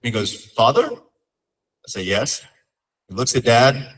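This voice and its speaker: A man's voice: mid-range voice, sing-song, takes it slowly, a bit bright, recorded from a distance, poor audio. A young man speaking as a son at his father's memorial, telling heartfelt stories with light humor. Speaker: son giving a eulogy. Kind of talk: memorial eulogy storytelling.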